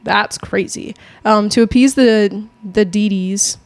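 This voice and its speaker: A woman's voice: medium pitch, steady tone, slow pace, no room sound. Young woman, podcast co-host, loose rambling read with dry close sound. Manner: rambling, reads notes aloud with stumbles. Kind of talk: casual chat.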